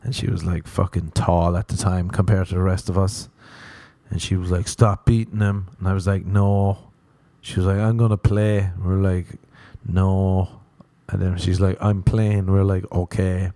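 Irish man, comedian, low mellow voice, dry close sound, rambling profane stories. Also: little pitch movement, moderate pace, no echo. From Ireland. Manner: profane, playful storytelling with mocking quoted voices. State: sunburnt. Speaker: comedian podcast host. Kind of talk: casual rambling podcast monologue.

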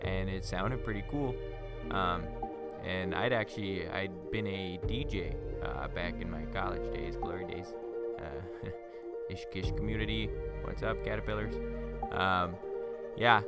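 A man's voice: low-pitched, measured pace, loud music behind the voice. A middle-aged man from Minnesota, hosting a podcast and telling a story in a rambling, folksy way full of fillers.

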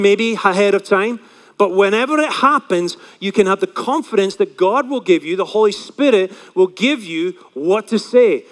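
Man, pastor, sermon, high voice, echoing hall. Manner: animated storytelling, acts out quoted voices.

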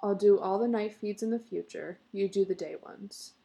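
A woman's voice: mid-range voice, normal speed, gravelly, mellow, natural voice. A woman voicing an earnest, eager husband who coaxes and insists. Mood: proud. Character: earnest husband, eager and fussing, middle-aged.

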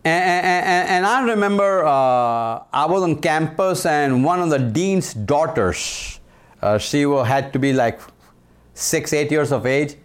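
A man in his sixties from India, with an Indian accent, giving a motivational leadership talk in an emphatic way, repeating key phrases and slowing down for the punch lines. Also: fairly high pitch, animated. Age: 60s. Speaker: leadership speaker.

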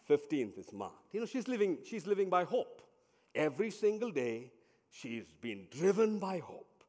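A middle-aged man preaching a sermon as a pastor, telling stories dramatically and swinging between loud and hushed delivery. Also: high-pitched, very animated, normal speed. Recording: long hall reverb.

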